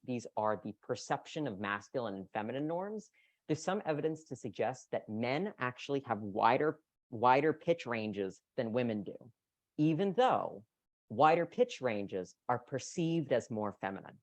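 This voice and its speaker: Lecturer explaining voice training, dry sound. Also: no echo. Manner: explanatory, demonstrates pitch patterns aloud. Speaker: presenter at a voice care meeting.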